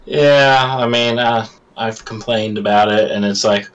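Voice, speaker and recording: A man's voice: lowish voice, fairly even intonation, unhurried, fairly bright tone, clear, resonant tone. A man in casual podcast chat, complaining about his workplace in a dry, wry way. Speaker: podcast co-host. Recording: voice a bit distant from the mic.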